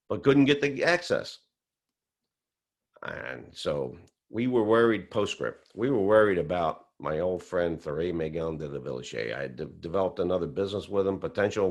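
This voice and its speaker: Man, very deep voice, animated storytelling, acts out quotes. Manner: acts out quoted voices with big pitch swings. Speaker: speaker recounting whistleblowing story.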